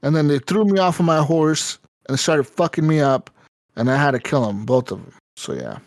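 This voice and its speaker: A man co-hosting a gaming podcast, telling stories in a lively, casual way and swearing often. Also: fairly high pitch, moderate pace, dry recording. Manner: animated storytelling, swears often. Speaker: podcast co-host. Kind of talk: casual chat.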